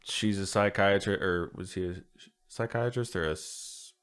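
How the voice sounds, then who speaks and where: Deep-voiced man chiming in casually. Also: moderate pace, fairly bright tone, clear, resonant tone. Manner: laid-back, short questions and agreeing interjections. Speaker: podcast co-host. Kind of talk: casual movie review chat.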